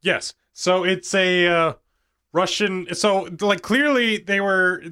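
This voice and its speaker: A man's voice: high-pitched, fairly even intonation, slow pace, pushed and bright, clear, resonant tone. A man co-hosting a casual podcast, recapping a film in a rambling, profane way with frequent laughter.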